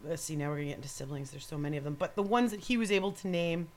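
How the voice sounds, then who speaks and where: A woman's voice: low voice, steady tone, rapid-fire. A woman in casual chat as a co-host, rambling and opinionated, swearing freely and laughing often. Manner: laughs often while talking.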